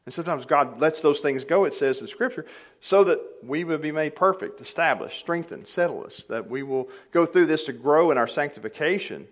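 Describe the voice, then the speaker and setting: A man's voice: fairly high pitch, lively intonation, a little fast. An older man preaching a sermon in a church, plainly conversational with light humor, rising to emphatic peaks on key points. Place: church sanctuary.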